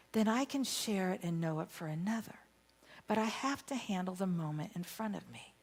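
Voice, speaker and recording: A woman minister giving a sermon, telling a story with animated, emphatic bursts. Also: medium pitch, normal speed. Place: church sanctuary.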